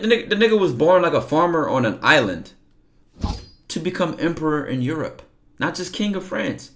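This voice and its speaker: A man's voice: sits high, very animated, a little fast, a bit bright. A young man livestreaming, talking casually and emphatically, with lots of profanity, and sometimes reading aloud from a book.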